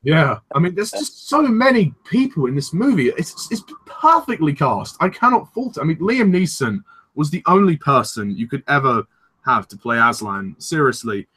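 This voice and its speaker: A man's voice: on the high side, very animated, normal speed, fairly bright tone, slightly rough. A young man chatting casually as co-host of a film discussion, rambling and enthusiastic, with frank swearing.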